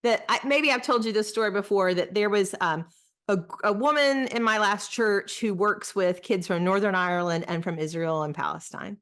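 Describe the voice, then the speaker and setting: A woman who used to be a pastor, speaking as a podcast guest, reflective and searching, with many pauses and restarts. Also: medium pitch, fairly bright tone. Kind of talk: casual conversation.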